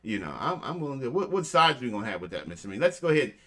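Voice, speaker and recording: A man's voice: mid-range voice, very animated, very fast, fairly bright tone. A man hosting a casual show, joking around and giving motivational tips, calling his listeners family. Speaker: host.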